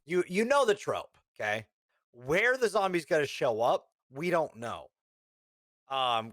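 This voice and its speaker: Animated young man chatting over voice call. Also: mid-range voice, dry recording, studio quality. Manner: animated, playful, lots of restarts. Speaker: podcast co-host. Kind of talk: casual chat. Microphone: remote call over voice chat.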